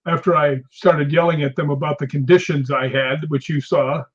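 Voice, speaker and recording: A middle-aged man with a somewhat high, husky voice hosts a relaxed conversation over a video call. He tells stories with a chatty, laughing manner, and the streamed audio sounds a bit muffled. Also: normal speed. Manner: chatty storyteller, laughs often. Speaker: guest host. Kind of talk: casual chat.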